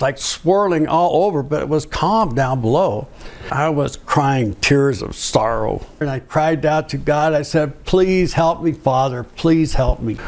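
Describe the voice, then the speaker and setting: Earnest man sharing a testimony. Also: fairly high pitch. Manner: earnest, rambling with frequent restarts and laughs. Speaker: ministry speaker sharing testimony. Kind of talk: personal testimony talk.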